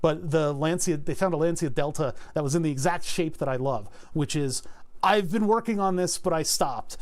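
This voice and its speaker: A Philadelphia man designs circuit boards on a livestream, chatting in a casual, joking way as he rambles and swears freely. His voice is a little high and a little mellow.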